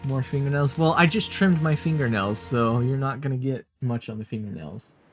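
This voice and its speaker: A man with a mid-range voice streams a survival game live at a normal speed, with faint music in the background. He keeps up a chatty gameplay commentary, teasing his viewers playfully and toying with whispers and silly voices.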